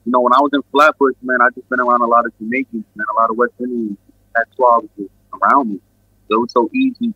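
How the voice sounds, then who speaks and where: A man's voice: mid-range voice, steady tone, fast talker, husky, dry recording, highs cut off. A man from New York with a New York accent, a guest musician rambling in a laid-back, casual interview full of fillers. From Queens and Brooklyn, New York.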